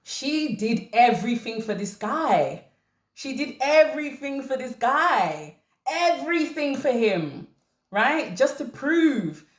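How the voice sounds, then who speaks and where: A woman hosting a commentary channel, talking to camera in an animated way and repeating her points for emphasis. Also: sits high, takes it slowly, roomy sound. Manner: animated, laughing, emphatic repetition.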